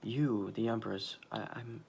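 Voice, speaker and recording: A man doing a casual tarot reading, talking haltingly with many restarts and emotional pauses. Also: lowish voice, fairly even intonation, creaky, darkish tone, slightly rough. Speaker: tarot reader.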